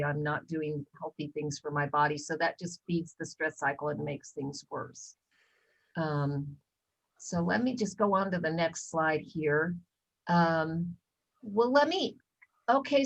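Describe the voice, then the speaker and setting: In poor audio, a middle-aged woman with a fairly low, slightly bright voice presents a casual wellness talk. She recounts a personal story with frequent ums and acts out what others said.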